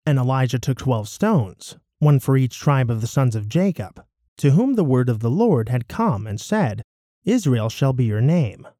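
A man reading scripture aloud as scripted narration, in a measured, expressive storytelling voice. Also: mid-range voice, dry recording, studio quality. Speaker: scripture reader.

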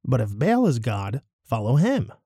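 A fierce, commanding male prophet, as a man reading scripture puts him on, declaiming with sweeping pitch that climbs high on his cries. The tone stays mellow and the sound is dry and close. He speaks like someone used to being obeyed. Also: wildly swooping pitch, unhurried, breathy edge, no room sound, full character voice. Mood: stern. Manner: declaiming, rising to fervent cries.

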